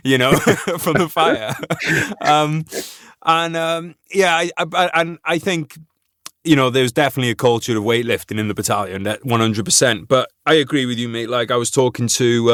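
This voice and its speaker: Swearing, laughing army-veteran host. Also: male voice, medium pitch, moderate pace, fairly bright tone, no echo, studio quality. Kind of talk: casual chat.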